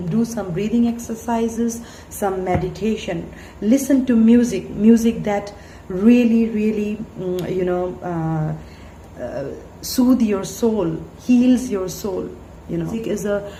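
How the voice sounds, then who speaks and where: A woman's voice: mid-range voice, dark tone. Echoey-voiced woman giving a tarot reading. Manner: earnest, halting, many fillers. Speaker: tarot reader. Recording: echoey room, faint hiss.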